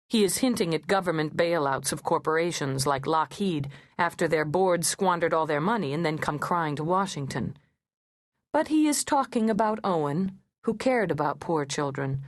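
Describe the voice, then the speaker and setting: A woman reads an audiobook in the first person, her measured delivery carrying a sardonic edge. Her voice sits on the low side for a woman. It was recorded close and dry in a studio, with no room sound. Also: expressive, no echo. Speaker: audiobook narrator. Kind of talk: first-person scripted narration.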